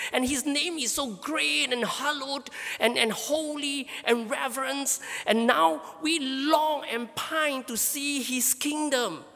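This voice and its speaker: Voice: mid-range voice, pushed and bright. A pastor giving an earnest, emphatic sermon, often repeating words while finding the phrase. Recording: echoey hall reverb.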